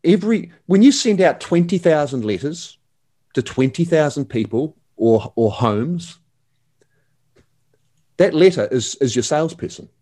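A man's voice: a little high, animated, unhurried, dark tone. A man, talking as an enthusiastic, slangy guest in a casual interview. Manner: enthusiastic, slangy, calls the host mate.

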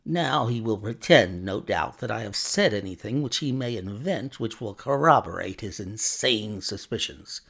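A man voicing a spiteful male villain with a high, snarling voice. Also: lively intonation, normal speed, gravelly, few pauses, fairly bright tone, husky, heavily acted.

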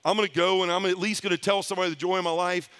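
A middle-aged man from the Memphis area giving a spoken testimony to a conference crowd. He tells it in lively scenes and acts out the other people's voices. His voice sits high and sounds bright and forceful. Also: racing, smooth. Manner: animated storyteller acting out voices. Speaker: conference speaker. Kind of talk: storytelling testimony talk.

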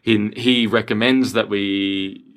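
A man's voice: lowish voice, fairly even intonation, slow pace, fairly bright tone. An Australian man co-hosting a podcast, chatting casually and rambling with lots of restarts. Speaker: podcast co-host. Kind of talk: casual chat.

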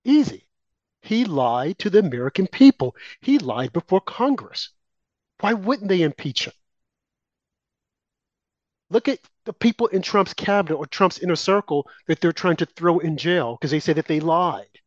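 A man's voice: high-pitched, animated, moderate pace, no room sound. Heated man, dull dry lo-fi sound. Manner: emphatic, heated, addresses co-host directly. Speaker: co-host of political talk show. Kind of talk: opinionated political commentary.

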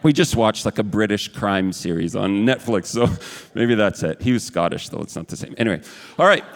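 A pastor preaching a conversational sermon, chatty and prone to self-mocking asides. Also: male voice, fairly low pitch, expressive, moderate pace, vocal fry, big-room sound.

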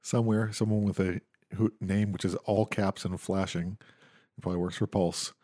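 Husky low-voiced podcast co-host. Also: male voice, steady tone, moderate pace, mellow. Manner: wry, joking. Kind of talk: casual podcast chat.

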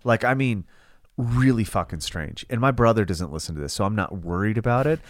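Crude, lively male podcast co-host. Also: fairly low pitch, a little fast, dry recording, clean studio sound. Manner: profane, animated storytelling with exaggerated voices. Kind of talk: casual chat.

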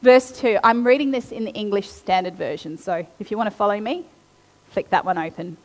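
A woman preaching a sermon, reading scripture aloud and then retelling it with animated, acted-out quotes. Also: mid-range voice, a little fast. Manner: animated storytelling, acting out quotes. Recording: long hall reverb.

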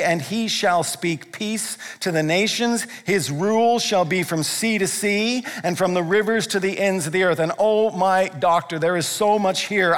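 A man delivers a sermon in a notably high voice, pressing his points with emphasis. He moves between quiet, hushed passages and loud, driving ones. His words hang in the long reverb of a large hall. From Canada. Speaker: pastor.

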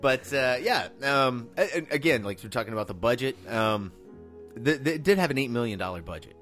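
A man's voice: mid-range voice, animated, fairly quick, fairly bright tone, soft background music. A man co-hosting a film podcast in casual chat, laughing often and swearing casually. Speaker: podcast co-host.

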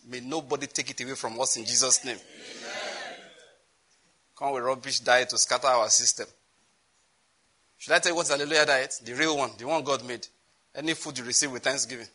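A man's voice: medium pitch, sharp tone, breathy edge, poor audio. A man preaching a sermon on prayer, chatty and often breaking into laughter. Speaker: pastor.

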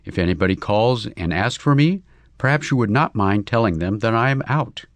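A man voicing a bashful young English gentleman who speaks in long, florid declarations, in a storybook reading. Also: on the low side, expressive, moderate pace, dry recording, natural voice. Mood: hurried.

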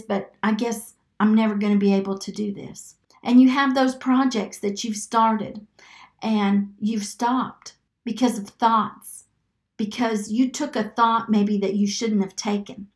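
A woman hosting a podcast, preaching with devotion and leading listeners through slow, earnest declarations to repeat after her. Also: fairly high pitch, darkish tone. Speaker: podcast host. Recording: echoey room with faint music behind.

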